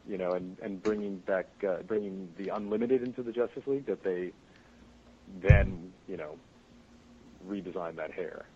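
A man's voice: deep voice, moderate pace, darkish tone. A man who works as a voice actor, telling stories animatedly with frequent laughs in a casual interview. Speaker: voice actor guest. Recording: muffled podcast audio with faint noise.

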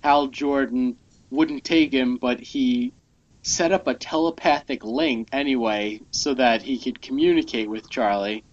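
A man co-hosts a casual comic book podcast, rambling through his points with plenty of fillers. His voice sits in a middle pitch, and the audio is dull and lo-fi. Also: measured pace. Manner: rambling, many fillers, reads lines aloud. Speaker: podcast co-host.

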